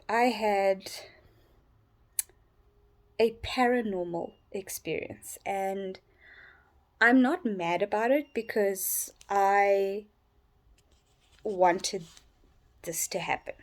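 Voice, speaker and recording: A tired, sleep-deprived woman rambling in a personal vlog from her bedroom, yawning and halting with many restarts. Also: medium pitch. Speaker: vlogger.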